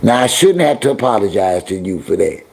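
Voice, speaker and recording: A man's voice: fairly low pitch, very animated, brisk, creaky, darkish tone. A middle-aged man hosting a casual livestream, talking straight to his viewers and chat in heavy slang and scolding them. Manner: heavy slang, drawling repetitions. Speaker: livestream host.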